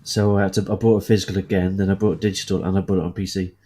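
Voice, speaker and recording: A low-voiced man with a Birmingham accent chatting on a gaming podcast. He jokes, teases and swears freely. His tone stays loose and easygoing throughout. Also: little pitch movement, racing, mellow. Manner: jokey, banters and swears. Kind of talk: casual gaming podcast chat.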